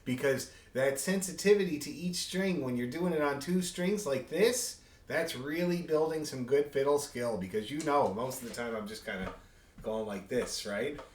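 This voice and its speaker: A man's voice: medium pitch, normal speed, roomy sound. A man teaching a beginner fiddle class over a video call, chatty and rambling with chuckling asides. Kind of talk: online group music lesson.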